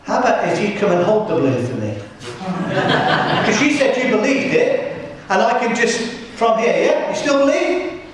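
A man preaching a sermon to a congregation, telling jokes and stories in a playful, lively way. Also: extremely high pitch, moderate pace, a crowd in the background. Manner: jokey, lively storytelling. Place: church. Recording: echoey church room.

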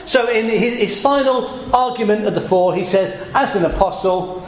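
A man preaching a sermon to a congregation, leaning hard on key phrases and repeating them slowly, with dry asides. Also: high voice, a little hiss or hum. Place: church hall. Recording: echoey church hall.

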